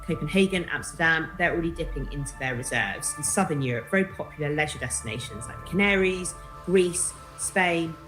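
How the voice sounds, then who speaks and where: A woman with an English accent and a low voice, explaining in a measured, informative way. She speaks in a broadcast news clip. Music plays clearly beneath her. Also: lively intonation, fairly bright tone, poor audio. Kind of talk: news interview.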